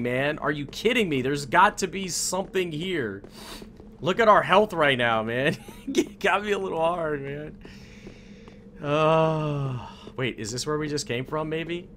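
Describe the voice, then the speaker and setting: A young man streaming a game live, swearing a lot, yelling in panic and talking to his viewers as bros. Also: fairly high pitch, animated, unhurried, slight background noise. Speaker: gameplay streamer. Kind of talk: live gameplay commentary.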